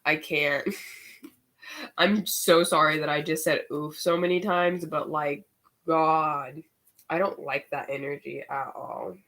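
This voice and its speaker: Slow-talking, low-voiced woman tarot reader. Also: fairly even intonation, fairly bright tone. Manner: chatty and candid, swears and uses slang freely; exclaims and gets worked up over the cards. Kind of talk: casual spiritual tarot reading.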